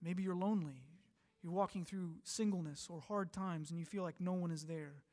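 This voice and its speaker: A male pastor delivering a sermon, reading scripture and then speaking earnestly, rising to emphatic peaks and falling to soft, quiet passages. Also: sits high, moderate pace. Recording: long hall reverb.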